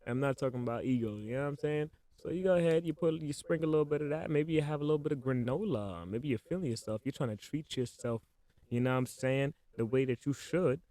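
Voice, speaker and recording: A man's voice: medium pitch, fast, warm tone. A man hosting a casual solo podcast, talking in slangy, joking, playful bursts as he spins an improvised spooky story into his microphone. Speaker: podcast host.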